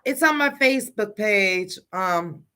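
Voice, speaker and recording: A woman's voice: medium pitch, expressive, takes it slowly, bright, forceful tone, clear, resonant tone. A middle-aged woman, a grieving mother, talking casually on a livestream and insistently reading out a list of questions. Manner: blunt and insistent, pressing question after question.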